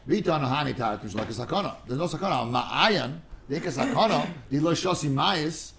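Over crowd noise, a man with a fairly high pitch and lively intonation teaches a casual study class at a fairly quick clip. His explanations ramble and digress, he stumbles on repeated words, and he sprinkles in Hebrew and Aramaic terms.

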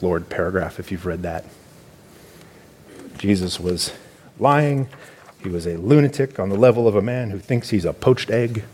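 A man, a church elder preaching a sermon in a conversational, explanatory way with animated emphasis. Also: fairly low pitch, a little hiss or hum.

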